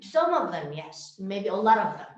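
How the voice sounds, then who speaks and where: A young woman from North Korea, a native Korean speaker, sharing her story at a conference with earnest, halting speech full of fillers. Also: mid-range voice, big pitch swings, lo-fi sound. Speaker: refugee speaker. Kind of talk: conference talk. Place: conference room or video call. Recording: roomy, distant mic.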